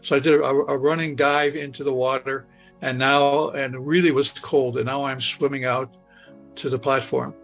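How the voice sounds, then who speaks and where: A man in his eighties recounting a personal memory, halting and stuttering with many restarts. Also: medium pitch, little pitch movement, gravelly, fairly bright tone, faint music behind. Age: 80s. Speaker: near-death experience survivor. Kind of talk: personal recollection.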